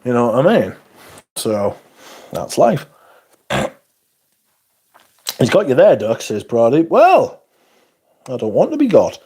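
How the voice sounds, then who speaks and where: A man's voice: medium pitch, huge pitch swings, takes it slowly, pauses often, dark tone, breathy edge. A man hosting a livestream, chatting casually as he reads viewer comments aloud in a blunt, profane, sarcastic way. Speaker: livestream host.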